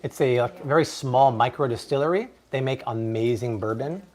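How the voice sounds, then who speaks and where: A man's voice: mid-range voice, moderate pace, a little mellow. A man hosting a live cooking demonstration in his kitchen, talking enthusiastically and exclaiming over the food. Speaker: cooking show host. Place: home kitchen.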